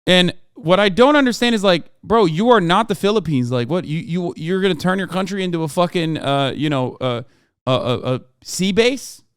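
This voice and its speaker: A man's voice: sits high, moderate pace, smooth, no room sound, clean studio sound. A man hosting a live stream, reacting to political clips in casual, profane, slangy commentary. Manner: animated, profane, slangy, addresses chat as bro. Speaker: streamer host.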